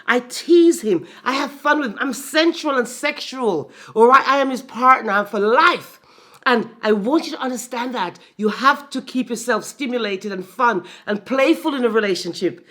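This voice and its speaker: A middle-aged woman hosting a frank, playful talk about her long marriage and giving relationship advice to viewers. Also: on the high side. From Jamaica. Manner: animated, frank and playful, addressing viewers as guys. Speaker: host.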